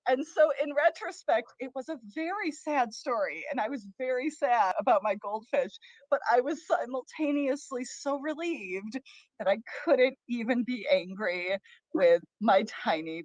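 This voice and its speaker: A young woman who is a teen librarian and co-hosts a talk show, chatting casually and telling a story in an animated, self-interrupting way, laughing as she goes. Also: fairly high pitch, measured pace, no room sound. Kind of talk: casual chat and playful storytelling.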